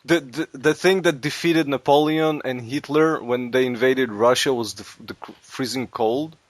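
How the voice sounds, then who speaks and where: A man's voice: mid-range voice, normal speed, no room sound. A man in casual comedic chat, joking, laughing often and stammering through restarts.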